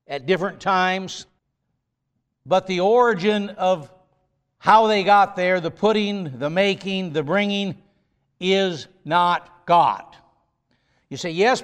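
Slow, emphatic high-voiced male preacher. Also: a bit bright, clean tone, big-room sound. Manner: emphatic, drawn-out stresses on key words. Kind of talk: sermon.

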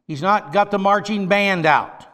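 A man's voice: sits high, unhurried, fairly bright tone. A man preaching a sermon, reading scripture aloud and breaking in with emphatic, conversational asides. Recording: long reverb, large hall.

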